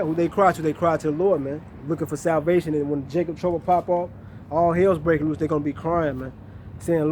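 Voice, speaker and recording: A man reading Bible verses slowly and then explaining them in casual street talk. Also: on the high side, steady tone, a little mellow, slight background noise. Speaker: street preacher reading scripture. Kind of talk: outdoor street preaching with scripture readings.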